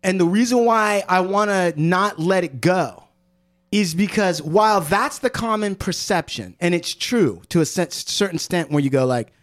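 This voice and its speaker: A man hosting a podcast, cracking quick jokes and then making a point in earnest. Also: sits high, animated. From United States. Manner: jokey interjections, then earnest explaining. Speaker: podcast host. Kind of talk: casual podcast talk.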